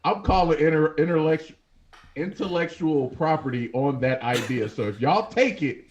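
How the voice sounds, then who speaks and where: A man's voice: on the high side, moderate pace, highs cut off, a little hiss or hum. A man co-hosting a casual sports podcast, riffing playfully on jokes. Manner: animated, riffs playfully with bits. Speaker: podcast co-host.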